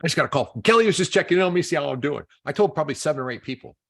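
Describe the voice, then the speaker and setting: A man's voice: fairly high pitch, lively intonation, rapid-fire, vocal fry, fairly bright tone. A man coaching a group, telling stories and acting out both sides of phone calls. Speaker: real estate coach.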